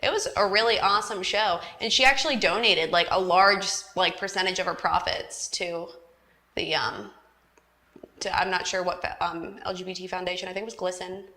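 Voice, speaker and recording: Bright-voiced chatty young woman. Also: on the low side, fairly even intonation, normal speed. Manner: chatty, many fillers, giggly. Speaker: co-host. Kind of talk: casual chat.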